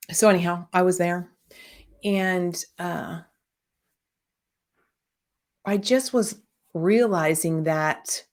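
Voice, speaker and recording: Woman, middle-aged, podcast host, somewhat low pitch, candid, rambling personal monologue. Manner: candid, rambling, many fillers and restarts. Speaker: podcast host and business coach.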